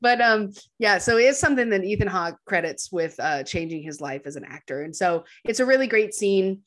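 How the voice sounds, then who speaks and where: A woman's voice: mid-range voice, animated, moderate pace. A woman co-hosting a podcast, chatting enthusiastically about a film and laughing easily. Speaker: podcast co-host. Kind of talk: casual film discussion.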